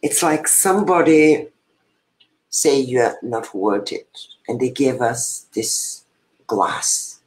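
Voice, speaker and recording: Woman, spiritual coach, interview guest. Unhurried, earnest, halting and repetitive. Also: a bass voice, expressive, a little mellow, rough recording. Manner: earnest, halting, with repeated phrases and restarts. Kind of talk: heartfelt personal sharing in conversation.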